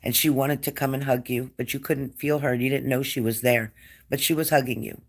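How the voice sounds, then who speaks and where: A man giving a spirit-medium reading to a client, gentle and coaxing, repeating his phrases. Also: mid-range voice, fairly even intonation, brisk. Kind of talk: reassuring psychic reading to a client.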